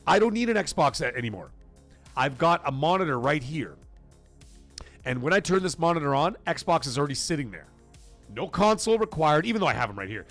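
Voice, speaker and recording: Lively male streamer, voice going hoarse. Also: on the high side, a little fast, faint music behind. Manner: animated, emphatic and repetitive. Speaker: live-stream host. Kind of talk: casual live-stream chat reading donations.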